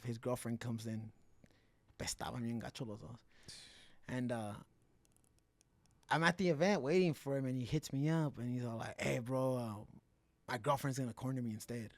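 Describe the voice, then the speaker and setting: A man telling fight stories in a podcast interview, profane and animated, acting out the quotes in a slangy, casual way. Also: mid-range voice, normal speed, dry recording. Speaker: guest fighter.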